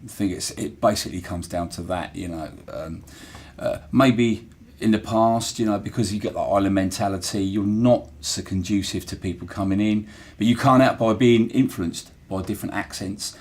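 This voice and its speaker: A man's voice: lowish voice, normal speed, hardly any pauses, a little mellow, slightly rough. A middle-aged man with a Portsmouth accent, talking earnestly and reflectively in an interview, with frequent fillers and restarts. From Portsmouth, England. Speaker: interviewee, former dockyard worker. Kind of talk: casual interview talk.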